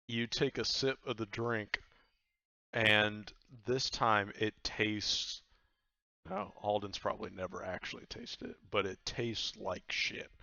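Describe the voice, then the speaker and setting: A man narrates a tabletop game as its game master, loose and animated, breaking into laughter often. His voice sits low and gravelly. The recording is dry and a little muffled. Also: no room sound.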